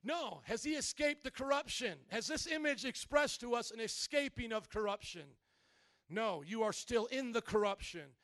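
A married man preaching a sermon, animated, swinging from quiet reasoning to loud shouting and playful mock voices. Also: extremely high pitch, normal speed, no room sound. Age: adult, married. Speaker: pastor.

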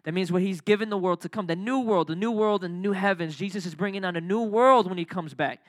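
A man's voice: sits high, fast, no room sound, clean studio sound. A young man, a youth director, preaching a casual, joking youth sermon and drawing the crowd into call and response. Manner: energetic, joking, talks with the crowd.

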